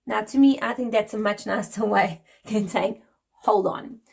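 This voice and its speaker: A woman's voice: mid-range voice, moderate pace, gravelly, darkish tone, slightly rough. A woman in her forties from South Africa with a South African accent, explaining things in a friendly, chatty vlog and laughing lightly now and then. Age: 40s. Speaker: vlogger.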